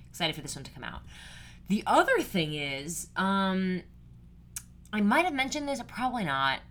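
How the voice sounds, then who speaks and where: Low-voiced chatty young woman podcaster. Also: fairly bright tone. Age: 20s. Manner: chatty and rambling, many fillers. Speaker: podcast host. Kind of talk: casual solo podcast chat.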